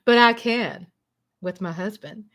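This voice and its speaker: A woman hosting a casual livestream from home, chatty and excitable, breaking into shouts and laughter. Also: medium pitch, measured pace. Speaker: livestream host.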